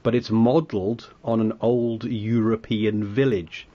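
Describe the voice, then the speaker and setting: A man's voice: lowish voice, flat delivery, measured pace. A man hosting a casual podcast chat, rambling with frequent stammered restarts. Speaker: podcast host. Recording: dull lo-fi audio.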